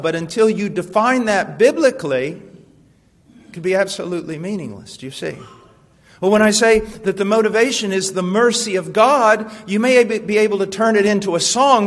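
A man preaching a sermon with passion, asking rhetorical questions and swinging from hushed tones to loud ones. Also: high-pitched. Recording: long hall reverb.

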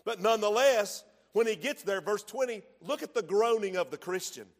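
A man preaching a sermon in church, swinging from hushed tones to shouting. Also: high voice, lively intonation, normal speed. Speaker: pastor.

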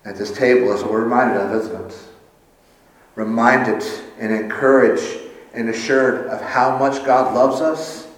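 A man's voice: mid-range voice, fairly even intonation, measured pace. A man preaching a sermon at a church communion service, earnest and building in intensity, with light self-deprecating asides. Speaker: pastor. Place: church sanctuary. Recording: echoey church hall.

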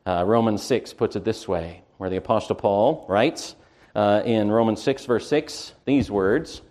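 A man preaching a sermon with emphasis, who slows down to stress key words and often pauses on "uh". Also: on the low side, darkish tone.

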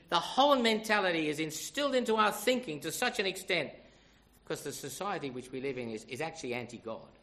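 A man's voice: a little high, bright, forceful tone. An older man preaching a sermon, emphatic and conversational, often asking the congregation rhetorical questions.

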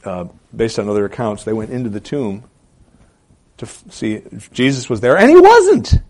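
A man preaching a sermon as pastor, asking rhetorical questions and repeating key phrases for emphasis, swinging between loud and soft delivery. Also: medium pitch, huge pitch swings, moderate pace.

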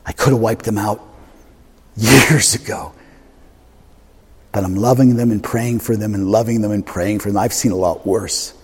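A man voicing God as a patient, loving father, speaking low, hushed and solemn. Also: steady tone, normal speed, pauses often, husky. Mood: tender. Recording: long hall reverb.

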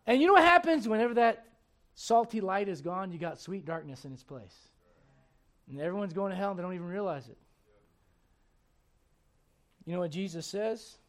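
High-pitched, animated preacher. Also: male voice, brisk. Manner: animated preaching, mimics congregants, drops low for scripture. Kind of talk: sermon.

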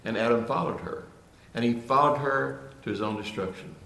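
A man's voice: medium pitch, moderate pace, vocal fry, a bit bright. A man preaching a sermon with earnest emphasis, often repeating and restarting phrases before building to emphatic points. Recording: echoey room.

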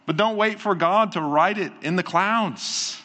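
A man preaching as a pastor, calm and earnest, often easing into soft, slow endings. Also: high voice. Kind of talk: sermon. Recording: long hall reverb.

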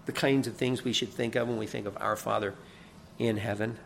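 Pastor guy giving a sermon, gravelly voice, earnest, leans hard on key words. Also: on the low side, fairly even intonation, fairly quick. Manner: earnest preaching with rising emphasis, occasional chuckles and repeated words.

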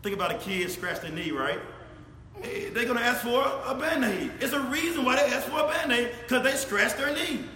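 A man preaching a sermon, speaking straight to his congregation, swinging from shouted emphasis to low, quiet asides. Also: normal speed, a little hiss or hum. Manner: animated, addresses congregation directly, rises to shouts then drops low. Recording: echoey hall with faint ambience.

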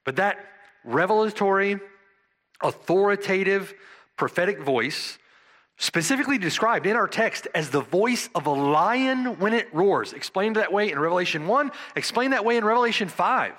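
A man delivering an expository sermon in a bright, forceful voice. His pitch rises and falls widely as he draws out key words for emphasis, then turns to his listeners with rhetorical questions. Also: animated. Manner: emphatic, dramatic slow stresses on key words; asks the congregation rhetorical "right?". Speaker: preacher.

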